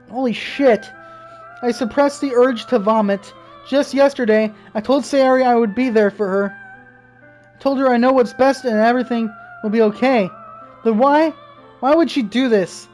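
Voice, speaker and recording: A woman's voice: a little high, a little mellow. Young woman reading a visual novel aloud. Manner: reads dialogue aloud, then breaks off into frightened swearing. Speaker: gaming streamer. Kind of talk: let's-play, reading game text aloud. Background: faint game music.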